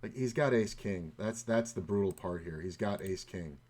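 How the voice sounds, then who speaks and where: A man's voice: on the low side, a little fast, darkish tone. A man streaming online poker from home, talking through his hands and chatting casually with muttered, frustrated asides. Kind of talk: casual poker commentary and chat. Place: home room at a computer. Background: faint hum and keyboard clicks.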